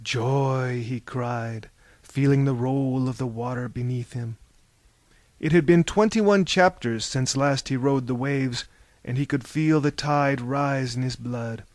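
A man reading a novel aloud as narrator, in measured storytelling that turns theatrical in the dialogue. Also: mid-range voice, no room sound. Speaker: audiobook narrator. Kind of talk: scripted narration.

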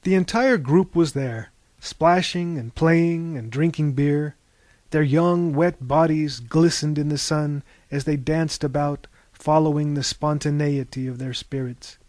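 A man's voice: a little high, a little slow, darkish tone, no room sound. A man reading an audiobook in a wry, mock-epic storytelling tone. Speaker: audiobook narrator. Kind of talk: scripted narration.

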